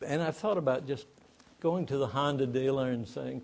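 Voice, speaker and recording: A man's voice: medium pitch, moderate pace, vocal fry, a little mellow. A man preaching a sermon in a conversational way, asking the congregation rhetorical questions. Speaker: pastor.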